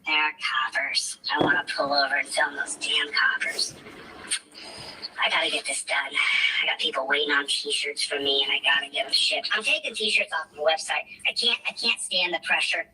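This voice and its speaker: A man's voice: a little high, fairly quick, bright, forceful tone. A man with an American accent rambling in a voice memo from his car, dictating a text and sometimes dropping to a whisper. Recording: distant mic, faint background hiss.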